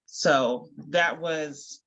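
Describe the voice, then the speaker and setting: A podcast guest telling a personal story in a reflective, halting way. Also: mid-range voice, fairly bright tone, muffled recording. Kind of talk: casual storytelling.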